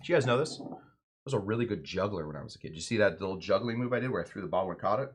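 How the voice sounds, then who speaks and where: A man's voice: fairly low pitch, expressive, very fast, noisy background. A man hosting a home cocktail show, chatting casually and joking around while he mixes a drink. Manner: playful, jokey, rambling asides.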